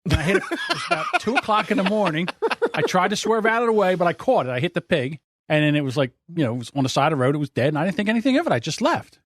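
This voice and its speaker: A man hosting a podcast, telling a rambling story in a lively, laughing way. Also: high-pitched, very fast, dry recording, studio quality. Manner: animated, laughing, repeats himself. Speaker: podcast host. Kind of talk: casual storytelling.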